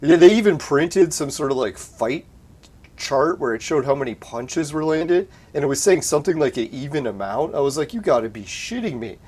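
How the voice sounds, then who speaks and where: Man, casual streamer, relaxed and profane, home desk mic. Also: a little high, normal speed. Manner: laid-back, swears and laughs often. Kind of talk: casual live-stream chat. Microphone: desk mic through a soundboard.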